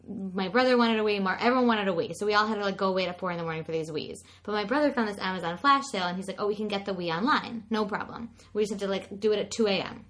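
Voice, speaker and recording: A woman hosting a podcast, chatting casually and telling a family story in an expressive way. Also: mid-range voice. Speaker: podcast host. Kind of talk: casual chat.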